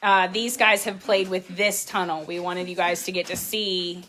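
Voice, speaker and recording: A woman's voice: on the low side, little pitch movement, normal speed, a bit bright. A woman, chatting casually as she hosts a puppy video and explains things to her viewers. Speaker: dog breeder hosting a puppy video. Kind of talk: casual chat.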